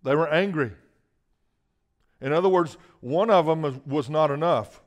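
A man preaching a sermon in a voice that sits a little on the high side. He drops to hushed asides and then rises into loud, emphatic bursts. He calls out to the congregation for a response as he goes. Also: measured pace.

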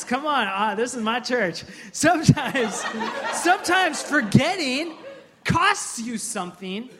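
High bright-voiced male pastor preaching. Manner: humorous storytelling, builds to loud impassioned acting-out. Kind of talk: sermon. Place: church.

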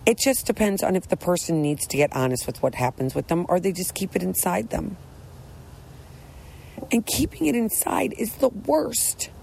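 A middle-aged woman speaks earnestly about her own life in a candid, rambling monologue, often circling back and restarting her sentences. Her voice sits at an ordinary middle pitch. A faint hiss of ambience lies behind her. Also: darkish tone, rough recording.

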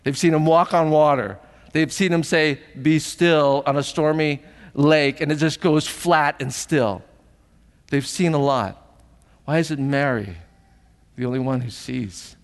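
A man's voice: on the high side, a little slow, big-room sound. A man preaching a sermon as pastor, earnest and emotional, often asking the congregation questions, at times tearful.

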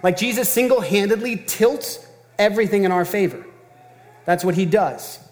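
A man's voice: high voice, normal speed, a little mellow, big-room sound. A man preaching a sermon as pastor, earnest and emphatic, talking in a conversational way and repeating phrases for stress.

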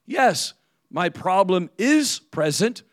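A man's voice: high voice, very animated, takes it slowly, dry recording, clean studio sound. Conversational male pastor preaching. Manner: conversational, often asks "right?". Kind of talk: sermon.

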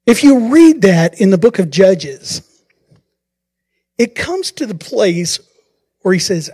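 A pastor preaching a sermon, telling the story in an animated way and acting out the quotes. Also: male voice, high voice, takes it slowly, pauses often, slightly rough.

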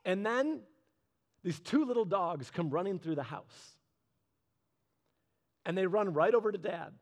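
High-voiced man preaching conversationally. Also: lively intonation. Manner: conversational, slows and drops low on key phrases; asks the audience questions. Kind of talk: sermon.

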